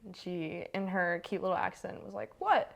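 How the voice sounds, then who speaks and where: A woman's voice: fairly low pitch, level tone, normal speed, vocal fry. A young woman from the United States, a youth soccer player, recounts her story in a documentary interview, chatty and full of fillers.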